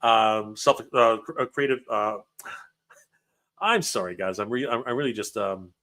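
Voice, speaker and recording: A man's voice: lowish voice, a little slow, sharp tone. Man hosting a livestream, emotional, stumbles over his words, casual. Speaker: livestream host reading comments.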